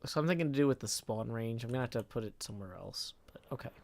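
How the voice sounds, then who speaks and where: A tired man giving casual live game-stream commentary as a streamer, talking to himself and reading chat aloud with soft muttered asides. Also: mid-range voice, expressive, fast talker, vocal fry, a little hiss or hum.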